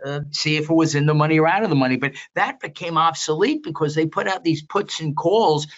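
An older man being interviewed as a veteran market analyst, telling long anecdotes in a rambling, animated way with many restarts. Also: on the high side, fairly quick, highs cut off. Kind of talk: storytelling interview.

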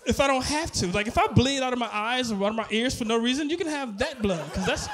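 A man's voice: very high-pitched, lively intonation, fast, fairly bright tone, a little hiss or hum. A man performing a stand-up comedy set, telling stories and acting out both sides of conversations, often laughing at his own jokes.

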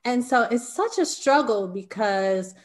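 A woman's voice: fairly high pitch, animated, measured pace. A woman hosting an interview, asking questions in an attentive, conversational way and sharing her own experience. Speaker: interview host.

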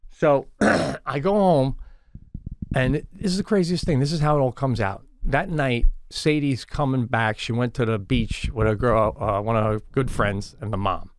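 Here a middle-aged man co-hosting a podcast recounts a story casually but with real heat, exasperated and swearing. His medium-pitched voice moves at a moderate pace, staying animated and jumping up when annoyance hits.

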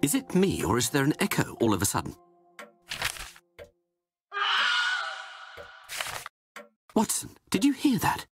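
A man's voice: a little high, huge pitch swings, quick pace, over loud music. A man playing a confident, theatrical detective who talks in a grand, lofty, mock-grave way. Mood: intrigued. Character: confident, theatrical male detective, older gentleman. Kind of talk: video game voice acting.

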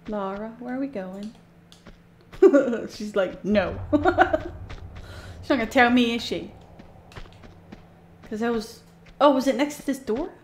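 A woman's voice: a little high, slow, long pauses, a little mellow, slight background noise. A young woman, chatting casually as she streams a game, jumpy and easily spooked, laughing often. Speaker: gaming streamer. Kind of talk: casual let's play commentary.

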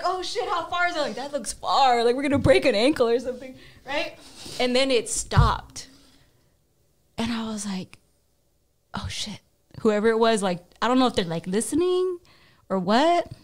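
A woman telling a story in a casual chat, acting out her own quotes with bursts of speed and laughter. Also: high-pitched. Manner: animated, fast bursts and acted-out quotes, laughing. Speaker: podcast guest.

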